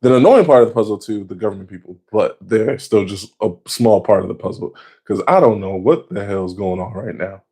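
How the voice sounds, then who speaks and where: A man casually recapping anime episodes in a slangy, excitable way, swearing freely and jumping up in pitch when he gets worked up. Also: fairly quick, slightly rough. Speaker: anime reaction vlogger.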